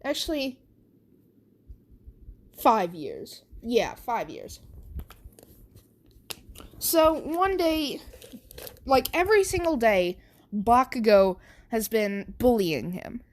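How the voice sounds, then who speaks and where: A woman's voice: on the high side, sing-song, slow pace, pauses often. Rambling woman telling an improvised story. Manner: rambling, self-correcting. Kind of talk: casual improvised fan story narration.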